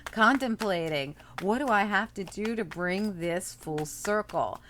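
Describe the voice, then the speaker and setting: A woman's voice: medium pitch, lively intonation, a little slow, fairly bright tone, slight background noise. A woman doing a casual tarot reading, chatting and thinking aloud as she turns the cards over. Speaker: tarot reader.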